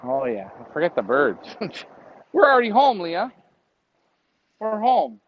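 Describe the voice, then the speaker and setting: A man's voice: sits high, huge pitch swings, slow. A man co-hosting a casual live stream, rambling and joking and laughing often. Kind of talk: casual chat. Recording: dry, dull lo-fi stream audio.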